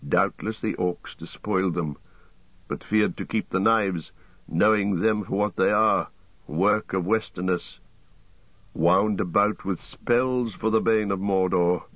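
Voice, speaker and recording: A man playing a weary grim ranger leader, low and grave. The deep voice stays heavy and tired, heard through a dry, slightly dull audiobook recording. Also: measured pace, dry recording.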